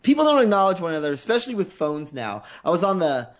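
A man's voice: high voice, sing-song, fast. A man in casual podcast chat, telling rambling anecdotes with a chuckle.

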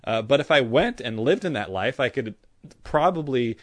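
A man co-hosting a casual podcast, sarcastic and animated, his voice leaping higher whenever a rant takes off. The sound is dry and close, with no room around it. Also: moderate pace, no room sound. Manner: animated ranting, voice jumps up when worked up. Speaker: podcast co-host.

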